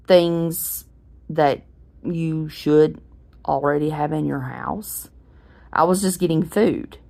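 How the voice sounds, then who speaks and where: A woman, telling a rambling story in a casual vlog while unwell. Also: low voice. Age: 40s. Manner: rambling, chatty, with frequent restarts. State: unwell, clearing throat. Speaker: vlogger.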